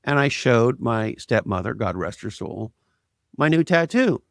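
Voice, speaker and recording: A man's voice: mid-range voice, lively intonation, a little slow, gravelly, dry recording, clean studio sound. Blunt, emphatic male interview guest. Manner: emphatic, blunt, makes points with anecdotes. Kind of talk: conversational interview, storytelling.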